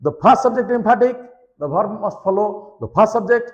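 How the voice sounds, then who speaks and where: A man's voice: high voice, expressive, normal speed, muffled recording. A man teaching a grammar lesson, repeating key points and often checking if students follow. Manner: repetitive, checks understanding with "okay?". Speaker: English teacher.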